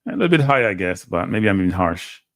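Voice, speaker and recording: A man's voice: low-pitched, very animated, fairly quick, fairly bright tone, no room sound, studio quality. A man hosting a live watchalong, calling football play-by-play with blunt, frustrated fan commentary. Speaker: watchalong host.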